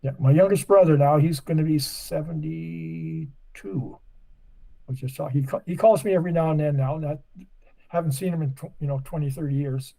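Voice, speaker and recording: A podcast guest in his eighties from Nova Scotia, Canada, chats casually and tells long, rambling stories. His voice is fairly high, gravelly and warm, at a moderate pace, on a low-quality recording.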